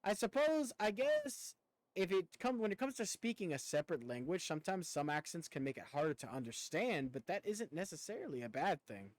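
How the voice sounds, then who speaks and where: His voice sits high and very animated, moving a little fast, in a dry recording with poor audio. He is a young game streamer with a slight rural Southern twang, casually chatting and rambling with viewers and swearing from time to time.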